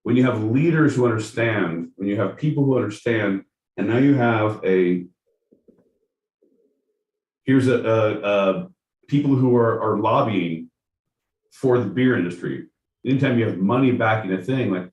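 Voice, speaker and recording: A man in casual chat, loud and profane, riffing from one tangent to the next. His voice comes from a distance off the mic and rings in a roomy space. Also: fairly low pitch, normal speed. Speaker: podcast co-host.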